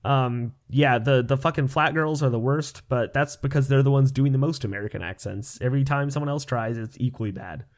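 A man's voice: medium pitch, a little fast, few pauses. A man co-hosting a podcast, chatting casually with a sardonic edge and frequent swearing. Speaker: podcast co-host. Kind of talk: casual chat.

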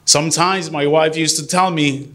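A middle-aged man who is a deacon, giving an earnest, animated church talk to a group and mixing English with Spanish. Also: fairly high pitch, normal speed.

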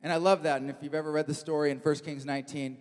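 A man's voice: a little high, flat delivery, rapid-fire. A man preaching a sermon in a church hall, telling the story with animation and acting out the quotes.

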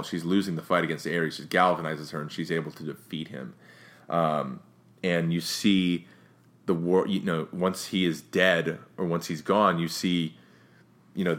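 A man giving a casual, rambling movie review, full of restarts and fillers, who grows more animated as he critiques. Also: low voice. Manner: opinionated, gets more animated when critiquing.

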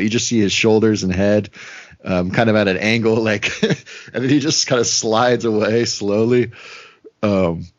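A man's voice: fairly low pitch, no echo. A man co-hosting a casual podcast, rambling with lots of fillers and acted-out quotes. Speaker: podcast co-host. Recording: dry, dull lo-fi sound.

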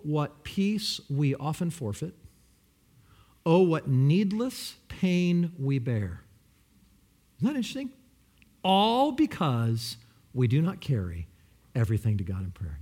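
A man preaching a sermon with passion, swinging between loud pleading and hushed, near-whispered lines. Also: on the high side. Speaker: pastor.

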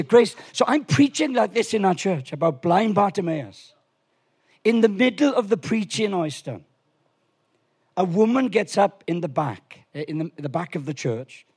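A man preaching a lively sermon in a church, animated and swinging from quiet asides to shouts. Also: sits high, unhurried, slightly rough. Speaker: pastor.

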